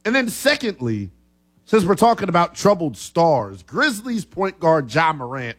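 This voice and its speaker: A man hosting a sports talk radio show, talking with animated energy. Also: on the high side, unhurried. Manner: lively, animated, coughing fits.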